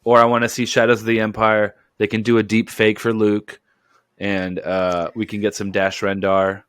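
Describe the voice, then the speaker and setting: A man co-hosting a casual fan podcast, enthusiastic and quick to agree, stammering when excited. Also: on the low side, clean tone, no room sound, clean studio sound. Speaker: podcast co-host. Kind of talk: casual chat.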